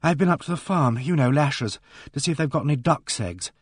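Man doing artless young woman, breathless rush, raised pitch, lively lilt, dry sound. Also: fairly quick, dry recording, lightly acted. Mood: eager. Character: awkward blunt young woman of twenty.

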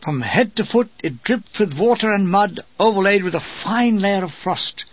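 A man's voice: high voice, expressive, normal speed, a little hiss or hum. An older British man with a wry, dry comic manner, reading his war memoir aloud. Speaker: memoir narrator. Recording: dull, dry lo-fi recording.

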